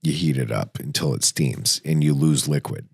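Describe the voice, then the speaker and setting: A man's voice: a bass voice, normal speed, creaky, husky, no echo. A man hosting a podcast, telling a story casually and animatedly, cursing freely. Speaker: podcast host.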